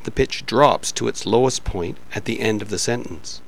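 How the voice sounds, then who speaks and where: A man narrating a pronunciation lesson in a measured, explanatory reading style. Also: on the low side, gravelly. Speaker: pronunciation instructor.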